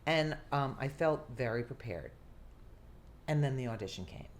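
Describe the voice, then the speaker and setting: An older woman, an actress telling a lively story from her career in an interview, often acting out what people said. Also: extremely low pitch, normal speed, slight background noise. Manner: animated, theatrical storyteller who acts out quotes. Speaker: guest actress.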